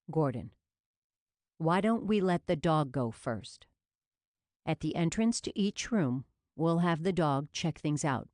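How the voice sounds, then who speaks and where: A woman reading an audiobook, voicing a patient male police officer who calmly talks a man down. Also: sits low, dry recording, studio quality. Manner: soothing, patient, persuasive.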